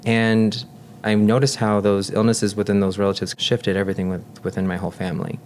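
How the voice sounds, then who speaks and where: A man in his thirties, a nurse and guest, telling personal stories in an earnest, talkative way and dropping soft and low when he reflects. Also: level tone, a little fast, slight background noise. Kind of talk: casual chat.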